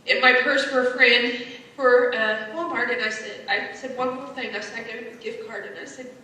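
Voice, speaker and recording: A woman with a bright, fairly high voice tells an earnest personal story to a congregation. She is picked up from a distance in a big, echoing church sanctuary, with a faint hum of room noise underneath. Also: steady tone, brisk. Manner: earnest, retells dialogue, grows emotional and emphatic. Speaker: church member sharing a testimony. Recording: echoey church from a distant mic.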